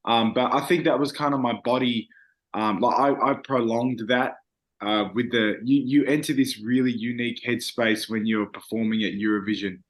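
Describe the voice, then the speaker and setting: A man's voice: mid-range voice, steady tone, normal speed. A young man, a singer, talking earnestly and reflectively in a casual interview, with frequent fillers.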